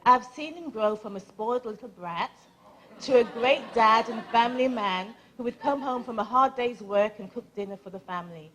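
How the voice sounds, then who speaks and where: A woman's voice: fairly high pitch, normal speed, a bit bright, poor audio. A woman giving a wedding speech as the groom's sister, playful and teasing herself, then heartfelt. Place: wedding reception.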